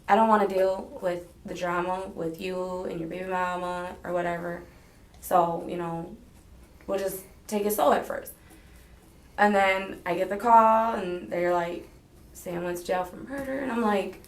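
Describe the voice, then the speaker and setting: A woman giving a rambling, hedging statement in a police interrogation, retelling conversations as she talks. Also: mid-range voice. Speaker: interrogation subject. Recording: echoey interrogation room.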